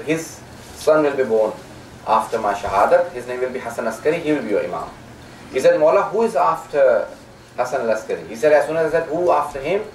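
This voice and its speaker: A man's voice: medium pitch, recorded from a distance, a little hiss or hum. A man giving a religious lecture, telling stories with quoted dialogue and many fillers. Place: lecture hall. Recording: echoey hall, recorded from afar.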